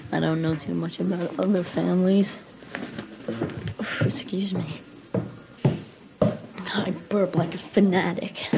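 A woman's voice: lowish voice, muffled recording, noisy background. A seventeen-year-old girl talking casually about her life, with lots of fillers and restarts. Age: teens. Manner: casual, rambling with many fillers. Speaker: teen diarist. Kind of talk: personal audio diary.

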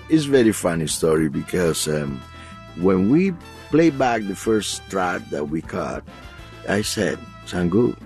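A man's voice: low voice, big pitch swings, slow, pauses often, darkish tone, faint music behind. An older man, a musician guest in a studio, telling stories animatedly and laughing often.

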